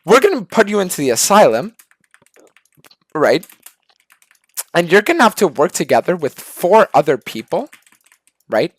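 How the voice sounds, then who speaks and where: A man's voice: sits high, sing-song, moderate pace, long pauses, dry recording, voice pushed up, full character voice. A man voicing a pushy, upbeat school official who insists a terrible plan is fun. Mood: pushy cheerful.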